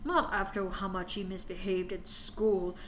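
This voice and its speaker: A woman's voice: mid-range voice, little pitch movement, measured pace, a bit bright, a little hiss or hum, pitched below the performer's own voice, lightly acted. A woman voicing a grumpy, scornful old male headmaster wizard in a sneering, dismissive tone.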